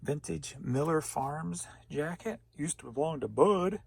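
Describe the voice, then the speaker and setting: A man's voice: on the high side, measured pace, creaky, darkish tone, slightly rough. A man giving a laid-back rundown of items he sold online, listing each one and where it is going, chuckling now and then. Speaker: online reseller. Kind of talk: casual sales rundown.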